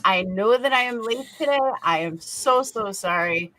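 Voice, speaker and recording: A woman's voice: mid-range voice, expressive, normal speed, sharp tone, low-quality recording. A woman hosting her own livestream, chatting casually and directly to her viewers over a call connection that cuts in and out. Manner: chatty, apologetic, talks straight to viewers. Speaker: YouTube channel host. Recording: connection cutting in and out.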